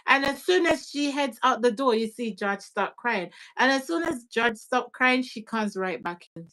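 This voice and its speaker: A woman talking in an unhurried, casual chat, laughing now and then and dropping in patois phrases. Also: fairly high pitch, expressive, sharp tone, poor audio. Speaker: guest parent.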